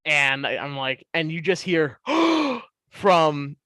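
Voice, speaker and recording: A man in his twenties, a podcast guest, telling stories in a casual, animated way. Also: fairly high pitch, unhurried, clear, resonant tone, no echo. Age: 20s. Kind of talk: casual storytelling.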